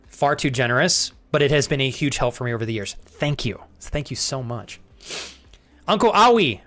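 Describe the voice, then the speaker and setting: Livestreaming a game, this young man chats loosely with his audience, thanking viewers by name and cursing without restraint. Excitement sends his voice leaping up in pitch.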